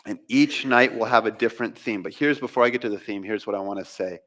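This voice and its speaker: A pastor preaching a sermon from the pulpit, impassioned, with dramatic rises and drops in his voice. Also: fairly bright tone. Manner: impassioned preaching with dramatic pitch swings and pauses. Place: church sanctuary.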